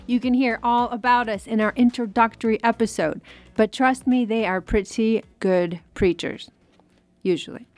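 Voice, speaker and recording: A woman from Wisconsin hosting a podcast on sermon planning, moving the talk along briskly and reading a scripture passage aloud. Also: fairly high pitch, fairly even intonation, darkish tone, no echo. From Wisconsin, USA. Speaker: podcast host and producer.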